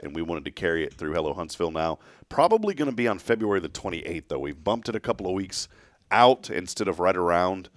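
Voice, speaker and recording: Low-voiced rambling talk show host. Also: male voice, no echo, studio quality. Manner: rambling, jokey, playful. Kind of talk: casual morning show chat.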